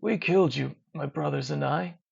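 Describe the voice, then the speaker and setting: A storyteller voicing a wounded, dying warrior man who slurs his words slowly and quietly. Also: medium pitch, creaky, slightly rough. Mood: weak, pleading. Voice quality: slurred speech. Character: dying trapped warrior man, slurring and desperate. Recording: dull lo-fi recording.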